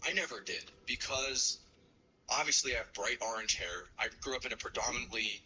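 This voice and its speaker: A streamer host in his thirties from New York City rambles through profane personal stories on his stream, using lots of fillers. His medium-pitched voice is expressive, sharp, and a little fast, with highs cut off and a slight hiss or hum.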